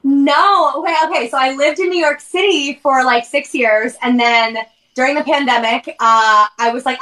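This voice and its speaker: Very high, giggly woman host, gushing over her guest. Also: steady tone, normal speed, few pauses, a bit bright, poor audio. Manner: effusive and giggly. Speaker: podcast host. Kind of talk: casual chat on a live stream.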